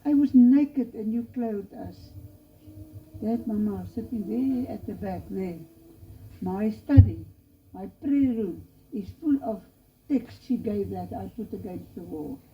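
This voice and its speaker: A woman's voice: medium pitch, expressive, slow, a little hiss or hum. A woman preaching a missionary appeal in a church chapel, earnest and pleading as she tells a story. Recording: lo-fi dull recording.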